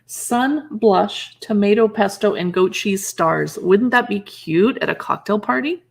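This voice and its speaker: A woman hosts a relaxed livestream and flips through a cookbook, reading recipe names aloud and adding quick comments between them. Her voice sits at an ordinary middle pitch. She chats easily and stops to greet viewers and answer their messages. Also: gravelly, husky. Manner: chatty, reads dish names aloud and reacts with short remarks. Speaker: livestream shopping host. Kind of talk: casual livestream chat, reading recipe titles.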